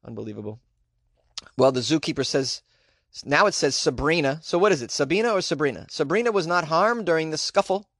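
A man's voice: a little high, expressive, brisk, a bit bright, no room sound, studio quality. A man hosting a show, reading odd news stories and adding sarcastic, joking remarks. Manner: sarcastic, joking asides with laughs. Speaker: host.

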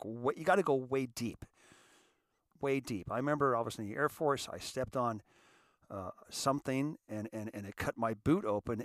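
A man's voice: medium pitch, a bit bright, dry recording, studio quality. A middle-aged man, host of his own show, telling a reflective personal story in a conversational way and acting out the quotes. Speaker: podcast host.

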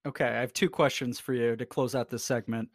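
A man's voice: mid-range voice, steady tone, a little fast, dry recording, clean studio sound. A man co-hosting a podcast, asking wry, teasing questions in casual sports chat. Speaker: podcast co-host.

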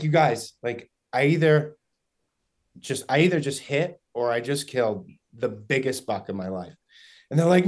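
Excitable man telling a hunting story. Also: medium pitch, fairly quick. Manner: excited, rambling, many fillers and quoted dialogue. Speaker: guest hunter. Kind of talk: casual storytelling.

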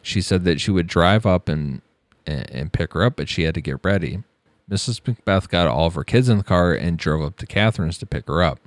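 A man's voice: deep voice, expressive, a little fast, no room sound. A man narrating a true crime case on a podcast, with blunt, profane asides.

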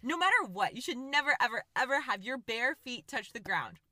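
A young woman in her twenties co-hosting a casual chat, emphatic and quick to chime in. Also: fairly high pitch, sing-song, pushed and bright, no room sound. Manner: emphatic, chimes in and repeats for effect. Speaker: podcast co-host.

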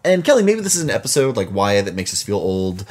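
A man co-hosts a relaxed book chat, his pitch leaping up and down as he gets excited. He talks in loose, restarting sentences full of fillers and laughs easily. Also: fast talker. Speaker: podcast co-host. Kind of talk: casual chat about books.

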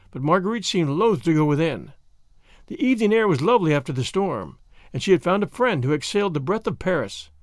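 A man reads a classic novel aloud in scripted, expressive storybook narration. His voice sits fairly high and moves widely through each sentence. The close, dry recording has no room sound. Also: no echo. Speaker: audiobook narrator.

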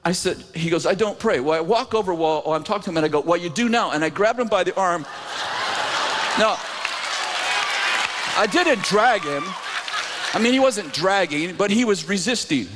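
A man preaching, telling a story in an animated, self-mocking way with lots of laughter, in a church sanctuary. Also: high voice, moderate pace, pauses often, a crowd in the background. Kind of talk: sermon storytelling. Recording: reverberant hall with faint noise.

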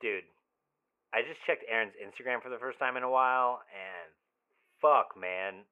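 A man's voice: mid-range voice, normal speed, background noise, close to an everyday voice. An actor playing an obsessive young man who leaves rambling, swearing, overly familiar voicemails in an audio drama. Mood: agitated. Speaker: caller leaving voicemails. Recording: tinny phone-line voicemail.

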